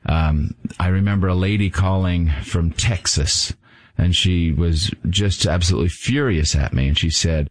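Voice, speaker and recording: Deep-voiced man lecturing calmly. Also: moderate pace, no echo. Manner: steady, lecturing. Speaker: guest. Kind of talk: casual interview talk.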